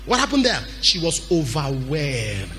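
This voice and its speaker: A man preaches a sermon in a high, bright, forceful voice that swings widely in pitch. He bursts into shouts and slides into a sing-song cadence. Soft music plays faintly behind him. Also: huge pitch swings, measured pace. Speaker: pastor.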